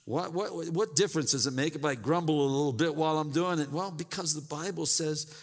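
A pastor delivers a sermon in a slightly high, gravelly voice. He doubles back on words and restarts his phrases, and the sound rings out in a hall with a long reverb. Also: brisk, hardly any pauses. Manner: repeats words, mimics grumbling churchgoers.

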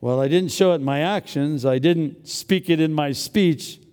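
A man preaching a sermon as a pastor, swinging between loud exclamations and hushed, near-whispered lines as he acts out his own thoughts. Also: fairly high pitch, moderate pace, in a large hall. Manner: dramatic swings from loud to hushed, acting out inner voices.

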